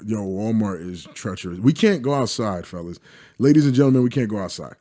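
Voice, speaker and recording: A loud, joking man co-hosting a podcast, swearing freely and calling out his listeners. His voice sits a little low and sounds dry and close, with no room around it. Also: lively intonation, a little fast, no echo. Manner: loud, joking, profane, addresses listeners directly. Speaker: podcast co-host. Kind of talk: casual podcast banter.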